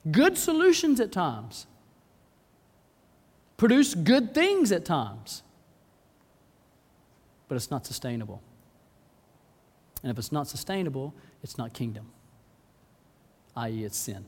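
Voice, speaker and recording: A man preaching a sermon in a big hall with a long echo trailing behind him. His voice sits high and leaps about, dropping to a hush and then rising to cries as he acts out pleading voices. Dramatic and theatrical throughout. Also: sing-song, takes it slowly, pauses often, slightly rough. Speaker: pastor.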